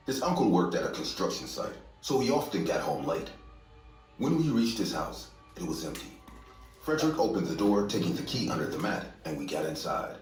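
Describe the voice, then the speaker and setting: A man narrating a scripted horror story in a steady, measured way. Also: low-pitched. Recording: echoey distant room, faint music.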